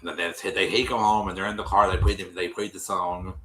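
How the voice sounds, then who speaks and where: Man, podcast host, rambling retelling, bright tense tone, echoey room. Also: low-pitched, little pitch movement, fast. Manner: rambling, with many restarts and quoted voices. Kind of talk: casual retelling of a TV episode.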